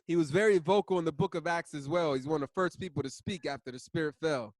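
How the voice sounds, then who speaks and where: A man's voice: a little high, quick pace, dry recording. A man teaching a casual bible study, chatty and talkative, often laughing and using slang.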